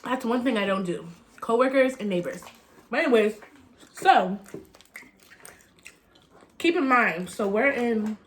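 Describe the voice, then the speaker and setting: A woman's voice: medium pitch, a little hiss or hum. A young adult woman chatting casually in a storytime vlog, retelling events dramatically with gasps and laughter. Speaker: vlogger telling a story.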